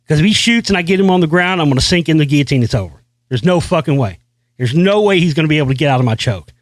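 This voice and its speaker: A man's voice: fairly high pitch, no echo, clean studio sound. A man hosting his own show, delivering a brash, boastful, profane rant full of repeated phrases. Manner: brash, boastful, heavy swearing, repeats himself. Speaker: show host. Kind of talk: profane ranting monologue.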